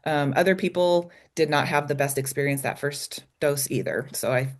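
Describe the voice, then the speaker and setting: A woman's voice: low-pitched, moderate pace. A woman guest telling a candid, emotional personal story in an interview, with many ums and restarts. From United States. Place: small logging community in Idaho.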